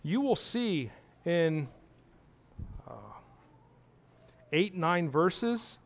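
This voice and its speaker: Male preacher, high voice, emphatic sermon delivery with repeated points and questions to the congregation. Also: expressive, very slow.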